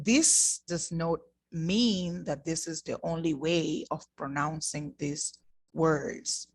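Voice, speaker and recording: Woman, language teacher, unhurried, lowish voice, repeats words to model pronunciation. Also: fairly bright tone, no echo. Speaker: Spanish teacher. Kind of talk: online language lesson. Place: class produced in the Bahamas.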